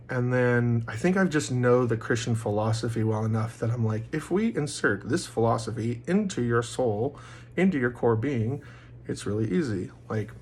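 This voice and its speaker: Man vlogger, mid pitch, rambling casual monologue full of fillers, bursts into loud quoted voices. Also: slightly rough. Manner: acts out quoted voices loudly.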